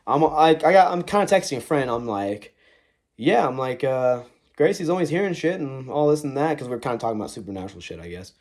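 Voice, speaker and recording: A man's voice: mid-range voice, very animated, quick pace, darkish tone. Profane young man rambling through a ghost story. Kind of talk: casual storytelling to camera.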